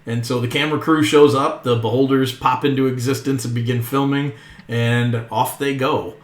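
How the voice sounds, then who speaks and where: A man's voice: mid-range voice, fairly even intonation, normal speed, roomy sound. A man narrating as game master of a tabletop game, in an easygoing way with chuckles and fillers.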